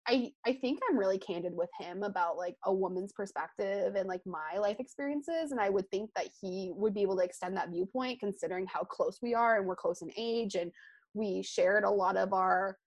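A young adult woman hosting a podcast in a casual, chatty and animated way, with lots of "like" fillers. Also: medium pitch, brisk, dry recording. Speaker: podcast host.

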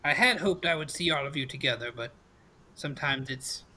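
A man voicing a hunched old woman fortune teller with a crackling voice, slow and knowing. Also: very deep voice, sharp tone, heavily acted. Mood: sly.

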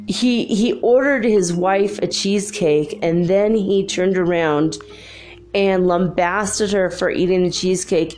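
A woman's voice: fairly low pitch, a little mellow. A woman talking in a casual vlog monologue, rambling through a story with lots of filler words.

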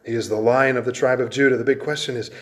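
A man preaching with steady conviction at a medium pitch. He hammers his points through repetition and often slows and sinks lower on key words. It sounds like an expository sermon. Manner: emphatic, repeats phrases, drops low and slows for weight.

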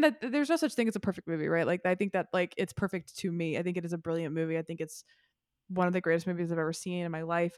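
Giggly, low-voiced woman podcast co-host. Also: no room sound, studio quality. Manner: giggly, enthusiastic, repeats words when excited. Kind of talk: casual film chat.

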